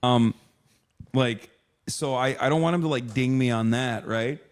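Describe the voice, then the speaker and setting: A man's voice: mid-range voice, a little slow, clear, resonant tone. A man casually telling a story about being questioned at a border, swearing and mimicking the people in it. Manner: animated, profane, mimics people.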